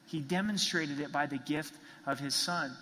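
A man's voice: a little high, moderate pace, sharp tone. Earnest preacher man in a reverberant hall. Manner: earnest, emphatic preaching with repeated phrases. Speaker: pastor. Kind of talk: sermon.

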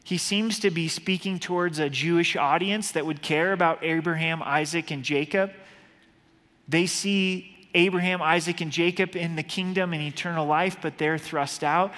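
A man's voice: a little high, fairly even intonation, normal speed, a bit bright, long reverb tail. A man preaching a sermon as pastor, earnest and urgent, often restarting his words. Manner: earnest, urgent preaching with repeated word starts.

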